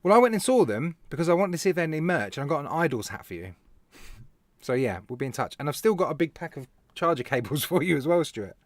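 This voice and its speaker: A British man chats casually to his live-stream viewers, his voice sitting a little high and swinging up and down as he tells his stories. He laughs often and calls out to people by name. The sound is dry, with no room echo. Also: sing-song, fast talker. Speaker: live show host, vape reviewer.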